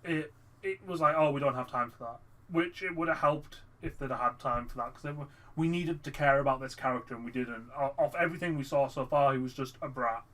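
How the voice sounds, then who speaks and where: A man co-hosting a casual film review podcast, talking animatedly and acting out lines of dialogue in quick asides. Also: mid-range voice, fairly bright tone. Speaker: podcast co-host.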